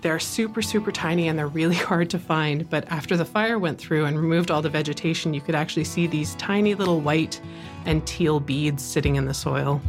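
Female expert interviewee, very low voice, engaged and emphatic, faint music bed. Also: fairly quick. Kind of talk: interview explanation.

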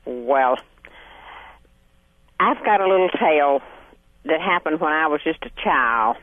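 Older lady calling in, chatty, laughs a lot, high lively voice, tinny phone line. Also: a little slow, no echo. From Hartwell, Georgia, USA. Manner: chatty, laughs often while telling a story. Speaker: radio caller. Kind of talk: casual storytelling on a call-in show.

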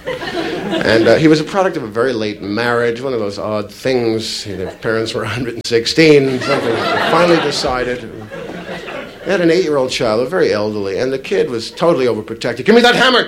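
A man doing a stand-up comedy routine, telling a story with lively asides to a live audience. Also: medium pitch, noisy background. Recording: live club with loud audience laughter.

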